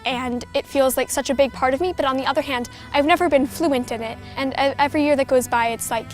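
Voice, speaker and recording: High-voiced young woman poet over music. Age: teens. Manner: soft, earnest, lyrical delivery. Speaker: youth poet. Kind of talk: spoken word poetry and reflective interview.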